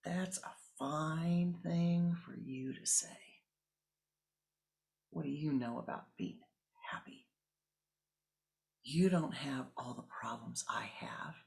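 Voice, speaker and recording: A woman's voice: very deep voice, very animated, normal speed, pauses often, a bit bright, full character voice. A woman voicing an indignant frustrated student. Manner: indignant, venting.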